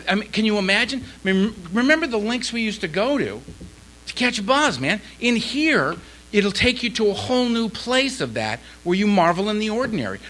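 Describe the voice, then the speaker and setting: A man's voice: high-pitched, rough recording. A man speaking at a recovery meeting, telling a personal story with feeling and acting out what others said. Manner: emotional storyteller, quoting others in lively voices. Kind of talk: recovery talk.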